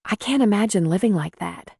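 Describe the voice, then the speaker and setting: A woman's voice: mid-range voice, lively intonation, a little fast, vocal fry, darkish tone, breathy edge, no echo, clean studio sound. A woman voicing an earnest, troubled city nurse practitioner in an audiobook.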